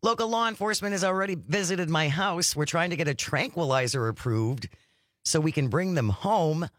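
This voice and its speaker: A man's voice: on the high side, animated, normal speed, fairly bright tone, dry recording. A man co-hosting a casual radio talk show from a studio, reading headlines with dry jokes.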